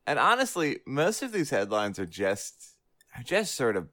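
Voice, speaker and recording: A man's voice: mid-range voice, sing-song, moderate pace, sharp tone, dry recording, studio quality. A man co-hosting a casual chat, rambling and cutting himself off as he laughs. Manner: rambling, self-interrupting, laughing. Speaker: podcast co-host.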